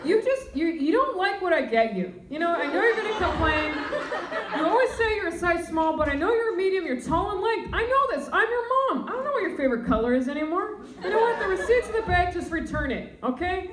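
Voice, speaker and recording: A woman comic voicing her exasperated mother, scolding loudly and fast. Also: mid-range voice, lively intonation, echoey room, a crowd in the background, natural voice. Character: nagging exasperated middle-aged mom.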